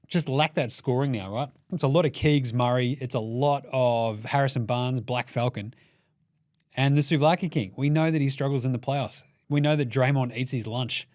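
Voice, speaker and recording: A man with an Australian accent hosting a solo sports podcast, talking in a swearing, animated, jokey way. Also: medium pitch, normal speed. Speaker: podcast host.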